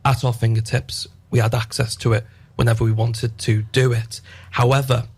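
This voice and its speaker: A man, an actor guest on a radio interview, explaining in a measured way. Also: mid-range voice, little pitch movement, vocal fry, a little mellow, husky.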